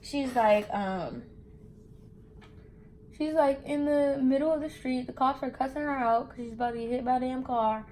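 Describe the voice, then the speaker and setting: Animated young woman telling a candid story. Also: sits high, normal speed, slight background noise. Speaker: beauty vlogger. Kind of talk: storytime vlog while getting ready.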